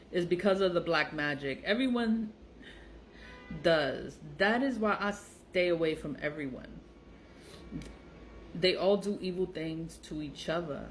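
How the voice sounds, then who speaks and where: A woman's voice: fairly low pitch, slight background noise, low-quality recording. A woman giving casual, blunt commentary, sounding exasperated and mocking as she reacts to text messages. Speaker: online seller and vlogger.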